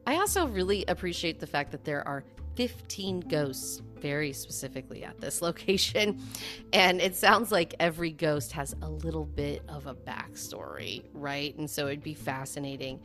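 A woman's voice: deep voice, expressive, moderate pace, fairly bright tone, faint music behind. A woman co-hosting a podcast, talking in a thoughtful, conversational way. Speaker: podcast co-host. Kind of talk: casual chat.

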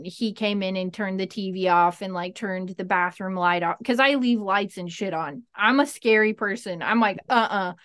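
A woman as an interview guest, telling a story in a frank, animated way and swearing freely. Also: medium pitch, no echo, clean studio sound. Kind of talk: casual storytelling.

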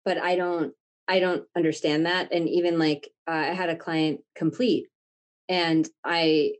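A woman coach talking candidly in a casual podcast conversation, animated and swearing freely. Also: deep voice, a little slow. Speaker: guest, creative coach.

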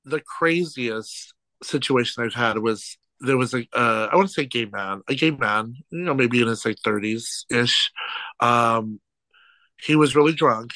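Bright, lively storytelling man. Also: mid-range voice, normal speed, no echo, rough recording. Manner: animated, laughs through stories, quotes people in lively voices. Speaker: podcast guest, drag show host. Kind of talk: casual storytelling chat.

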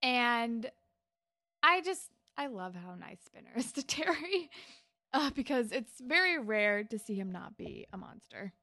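A woman's voice: on the high side, very animated, unhurried, sharp tone, no echo. A woman co-hosting a podcast, chatting casually as she retells scenes from a TV episode, frank and sometimes sweary. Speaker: podcast co-host. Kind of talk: casual chat recapping a TV episode.

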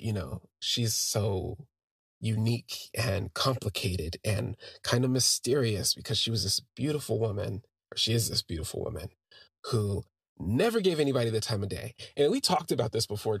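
Low, gravelly man telling a personal story. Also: dry recording, clean studio sound. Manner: conversational, recounting events with quoted dialogue. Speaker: podcast host.

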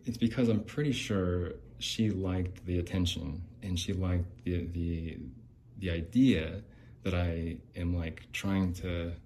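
A man with a low, mellow voice delivers a casual podcast monologue. He rambles and restarts often, and his tone turns sarcastic and bitter. A faint hiss sits under the recording. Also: steady tone, slow. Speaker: podcast host.

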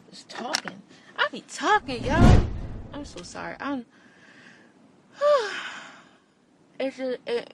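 A woman's voice: fairly high pitch, a little hiss or hum. A woman podcast host, giving an impassioned monologue and repeating lines for emphasis.

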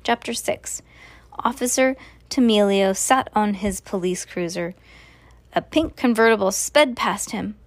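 A woman reads a storybook aloud to a child at an average pitch, pausing now and then for easy, casual asides full of fillers. The room is dry and close, with no echo. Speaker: parent reading to a child.

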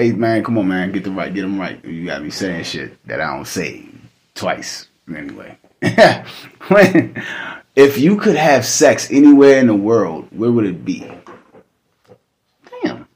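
A man's voice: on the low side, sing-song, a little slow. A man hosting a podcast in casual chat, joking, laughing often and swearing freely. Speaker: podcast host.

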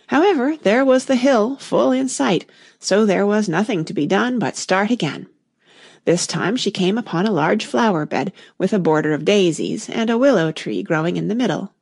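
Expressive woman reading a storybook. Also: lowish voice, moderate pace, creaky, no room sound, clean studio sound. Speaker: narrator.

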